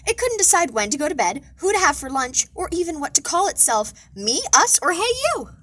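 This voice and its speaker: Brief: high, animated woman librarian, playful picture-book read-aloud. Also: brisk, rough recording. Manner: expressive, playful storytelling. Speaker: children's librarian. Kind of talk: children's storytime read-aloud.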